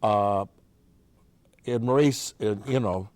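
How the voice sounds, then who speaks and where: A man's voice: fairly low pitch, drawn-out words, a little mellow, no room sound. An older man from Oregon, a musician as interview guest, telling long folksy anecdotes in a chatty way with frequent restarts. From Oregon, USA. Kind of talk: casual storytelling.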